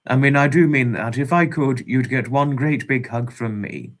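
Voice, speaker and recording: A man hosting a casual livestream, greeting viewers by name with fond, repeated hellos in a drawn-out way. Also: medium pitch. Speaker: livestream host.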